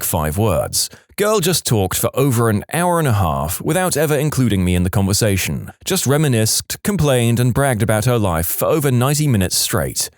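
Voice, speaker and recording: A man reading reddit stories aloud in a lively storytelling manner. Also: mid-range voice, no echo, clean studio sound. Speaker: narrator.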